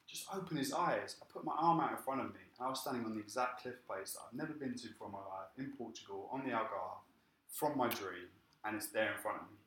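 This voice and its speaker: Bright-voiced preacher in echoey hall. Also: male voice, fairly low pitch, fast talker. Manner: lively storytelling, acting out quoted speech. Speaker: pastor. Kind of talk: sermon with personal testimony.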